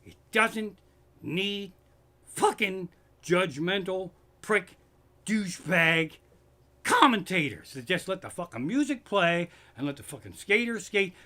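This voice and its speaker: A man's voice: high-pitched, very animated, slow pace, sharp tone. A man doing profane, worked-up stand-up comedy, streamed live from his living room, with a Pennsylvania accent.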